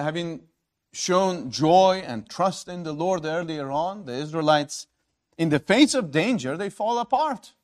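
A man preaching a sermon, emphatic and swinging between loud and hushed delivery, asking rhetorical questions and calling his listeners friends. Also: fairly high pitch.

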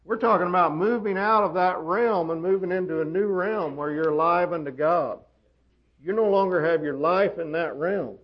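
A man preaching a sermon, swinging from loud emphatic peaks down to quiet asides. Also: normal speed. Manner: emphatic, rising to loud high peaks then dropping quiet. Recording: dull lo-fi sermon recording.

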